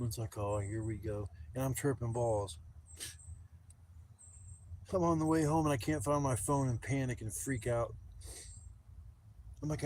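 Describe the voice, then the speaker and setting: A rambling, foul-mouthed man talks casually into a handheld camera on a gimbal while camping outdoors. His voice sits at an ordinary middle pitch, with faint outdoor ambience in the background. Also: a little fast, darkish tone, slight background noise. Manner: rambling, profane, griping. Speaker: camping vlogger. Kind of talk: casual livestream chat. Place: outdoors at a campsite.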